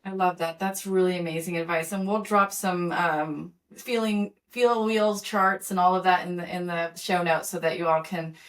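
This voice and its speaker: A woman's voice: fairly low pitch, fairly even intonation, moderate pace, few pauses. A middle-aged woman hosting an interview, talking casually with many fillers and restarts. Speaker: podcast host.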